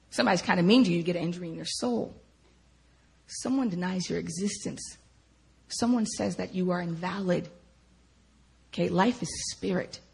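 A woman telling her personal testimony to listeners in an animated way, laughing often and speaking directly to them. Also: on the low side, vocal fry, husky.

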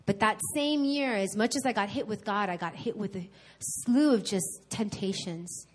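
A woman from New York preaching a sermon at a church service, telling her own story in a candid, animated way with emphatic repetition. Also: medium pitch, moderate pace, a little hiss or hum. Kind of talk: sermon with personal testimony.

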